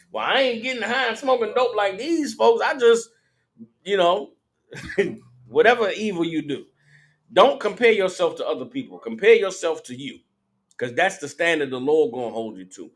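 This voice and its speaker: Animated man preaching bluntly. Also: fairly high pitch. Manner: emphatic, blunt, heavy slang. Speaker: religious teacher. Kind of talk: street sermon.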